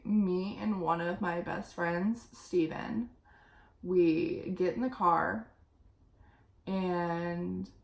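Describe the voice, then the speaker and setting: Slow, gravelly young woman vlogger. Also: on the low side. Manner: rambling, chatty storytelling with many fillers. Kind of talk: get-ready-with-me story time.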